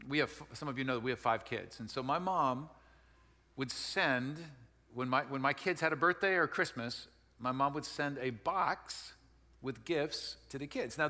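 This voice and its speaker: At a moderate pace, a Wisconsin pastor in middle age preaches in an easygoing, folksy way, restarting and repeating phrases as he goes. His voice is a little high, animated, and sharp, set in long hall reverb.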